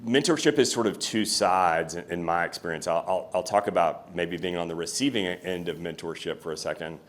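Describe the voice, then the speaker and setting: A deep-voiced company CEO speaks candidly as a guest at an on-stage fireside chat. His storytelling is reflective and full of restarts, delivered in a room with an audience.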